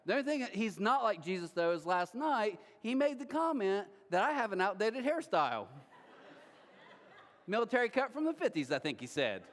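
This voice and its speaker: Lively, high-voiced male pastor. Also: normal speed. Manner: animated, joking, acts scenes out with a volunteer. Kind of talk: sermon. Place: church auditorium. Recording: long reverb of a large church hall.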